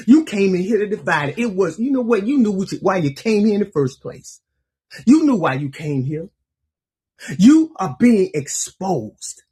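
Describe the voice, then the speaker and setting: A woman's voice: mid-range voice, darkish tone, breathy edge. A woman in angry, impassioned political commentary, preaching with rhetorical questions.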